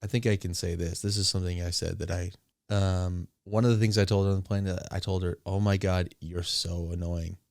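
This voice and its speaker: A man's voice: low-pitched, little pitch movement, quick pace, gravelly, darkish tone, no echo. A man casually telling a long story, rambling with crude asides and laughs. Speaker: streamer.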